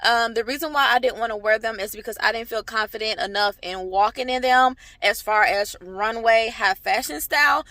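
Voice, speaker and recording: A woman's voice: fairly high pitch, moderate pace, few pauses, bright, forceful tone, no room sound. A young woman vlogging in a casual, chatty way, talking straight to her viewers with lots of fillers. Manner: chatty, filler-heavy, addresses viewers directly. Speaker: beauty vlogger. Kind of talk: casual vlog chat. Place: parked car.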